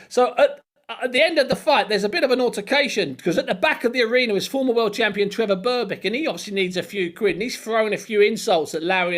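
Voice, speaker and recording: High-voiced storyteller man. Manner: animated storyteller, laughs often. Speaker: podcast co-host. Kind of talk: casual chat.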